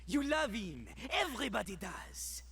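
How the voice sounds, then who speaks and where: A man's voice: high-pitched, sing-song, unhurried, gravelly, over loud music, heavily acted. A man voicing a cocky, crude male toilet rapper who raps and talks about himself in the third person, in a video game. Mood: boastful.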